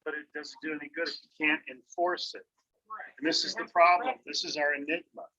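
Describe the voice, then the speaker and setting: A man's voice: fairly high pitch, fairly even intonation, brisk, pushed and bright, lo-fi sound. A man in the audience making blunt remarks during a lecture. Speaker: audience member.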